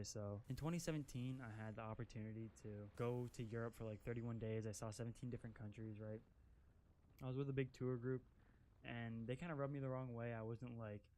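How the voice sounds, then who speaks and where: A young man spins a loose, profane story for his viewers. His voice sits at an ordinary male pitch. Fillers like "like" and "right?" crowd every sentence. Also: a little mellow, slight background noise. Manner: rambling, profane, filler-heavy with constant "like". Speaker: vlogger. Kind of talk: casual storytime. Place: outdoors while driving an off-road vehicle.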